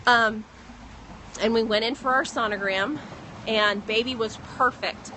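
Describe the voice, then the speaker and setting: A pregnant woman telling a personal story in a casual vlog, recorded outdoors on a phone in the rain, animated as she retells what others said. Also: a little high, a little slow, low-quality recording. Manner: earnest, animated retelling with quoted dialogue. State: pregnant, second trimester. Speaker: vlogger. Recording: faint outdoor noise, rain.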